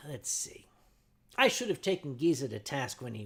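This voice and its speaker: A man hosting a livestream, telling a story to his chat in a sardonic, animated way and acting out his own shouting. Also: mid-range voice, unhurried, vocal fry. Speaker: livestream host.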